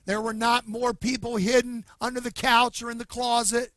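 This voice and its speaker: High, bright-voiced preaching man. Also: flat delivery, moderate pace, no room sound. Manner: emphatic preaching, swinging from loud to hushed. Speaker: pastor. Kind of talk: sermon.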